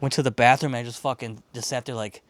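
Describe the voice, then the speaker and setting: A man's voice: mid-range voice, fast talker, no echo. A man from Chicago hosting a podcast, telling a long, profane, rambling story in casual chat and acting out the people in it. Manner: profane, rambling, animated retelling with quoted voices. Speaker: podcast host.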